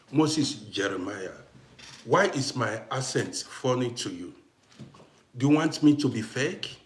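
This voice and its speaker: A man from Africa hosts a live stream and talks straight to his viewers. He speaks slowly and deliberately, at a middle pitch. His voice echoes around a roomy space. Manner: talks to viewers in chat, grows heated and loud answering a critic. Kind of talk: casual live-stream chat. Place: home in Austria.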